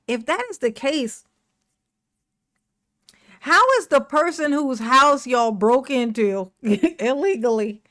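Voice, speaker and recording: A woman hosting a reaction video, giving casual, blunt and sarcastic commentary with plenty of swearing. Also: a little high. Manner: blunt, emphatic, profane and sarcastic.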